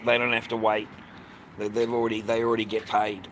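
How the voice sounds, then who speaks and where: On the low side and completely flat, this Australian man's fairly quick voice carries his casual outdoor livestream chat over noisy traffic. He rambles, swears freely and calls everyone "mate".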